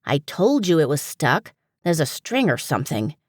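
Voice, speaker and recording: A woman's voice: deep voice, big pitch swings, moderate pace, no echo, clean studio sound. A woman voicing a small, fussy male pet dragon who whines and complains. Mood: whiny. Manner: whiny, complaining.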